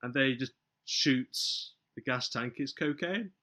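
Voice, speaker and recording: The recording is muffled as a man with a medium-pitched voice slowly retells a film plot on a podcast. He's casual but animated, voicing the characters' lines as the story unfolds.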